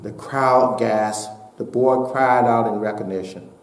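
A man preaching a sermon as pastor, building to shouted peaks and dropping to a hushed voice for a story. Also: medium pitch, fairly even intonation, slow, echoey room. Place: church sanctuary.

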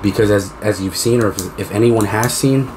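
A man co-hosting a casual podcast, telling stories in a profane, animated way. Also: on the low side, moderate pace, a little hiss or hum. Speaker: podcast co-host.

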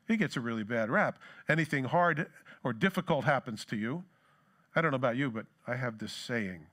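A man's voice: mid-range voice, a bit bright. A man preaching a sermon as pastor, talking in a loose, joking way and reading scripture aloud with building emphasis. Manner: conversational and joking, reads scripture with rising emphasis. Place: church sanctuary.

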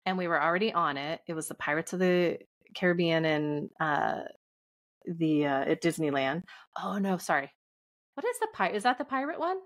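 A woman co-hosting a podcast, talking in expressive casual chat with frequent exclamations. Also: lowish voice, moderate pace. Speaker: podcast co-host.

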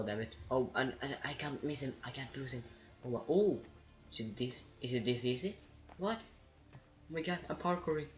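Casual gamer guy narrating his play, excitable and giggly, slow unhurried delivery. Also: medium pitch. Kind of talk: casual gameplay commentary.

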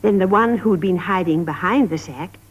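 A woman narrating a story for young children in a measured, sing-song 1950s television style. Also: on the low side, slightly rough. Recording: dull lo-fi 1950s television recording.

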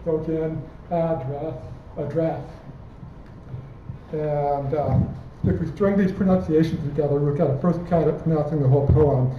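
A man's voice: a little high, fairly quick, hardly any pauses, noisy background. A man giving a conference talk, explaining a technical example step by step. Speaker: conference speaker. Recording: distant, phone-like sound in an echoey hall.

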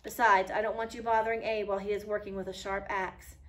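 A woman's voice: mid-range voice, level tone, fast, close to an everyday voice. A woman reading as a firm pioneer mother. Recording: voice a little far from the mic.

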